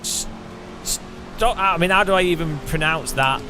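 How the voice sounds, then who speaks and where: A man's voice: fairly high pitch, measured pace, noisy background. A man giving casual, joking gameplay commentary, chatting and laughing often. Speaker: gaming streamer.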